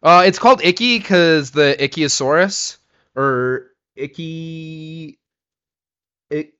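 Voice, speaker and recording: A man's voice: a little high, slow pace, sharp tone, smooth, dull audio. A man co-hosting a podcast in casual chat, teasing and swearing, a bit tipsy from tequila. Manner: profane, teasing banter. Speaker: podcast co-host.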